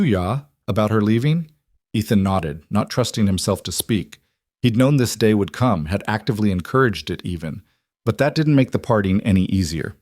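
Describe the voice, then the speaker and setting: A man with a fairly low voice narrates a frontier storybook in a steady, measured audiobook style. The recording is dry and close, with no room sound at all. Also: no echo.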